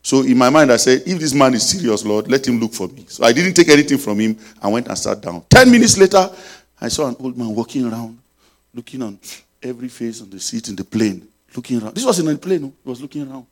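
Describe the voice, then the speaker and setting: Husky-voiced man preaching with fervor. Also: mid-range voice, very animated, fast talker. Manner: emphatic, swings between loud and soft. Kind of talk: sermon with story and prayer.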